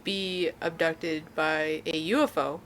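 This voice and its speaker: A woman's voice: sits low, fairly even intonation, slow, a bit bright. A woman co-hosting a podcast in a loose chat, cracking jokes and swearing. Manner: jokey, swears, laughs often. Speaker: podcast co-host. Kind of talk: casual chat.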